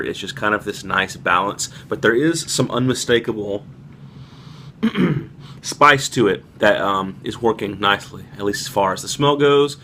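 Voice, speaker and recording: A man talking casually to the camera as he reviews a beer, relaxed and descriptive, with frequent fillers. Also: lowish voice, slight background noise.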